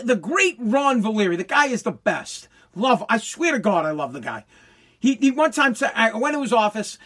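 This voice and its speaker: A man's voice: very high-pitched, bright, forceful tone. A man delivers a fired-up podcast rant from his basement. He swears freely, circles back on his own words, and trips over restarts as he pushes his point. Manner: heated, repetitive, profane, stumbling restarts. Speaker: podcast host. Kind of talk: ranting podcast monologue. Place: home basement.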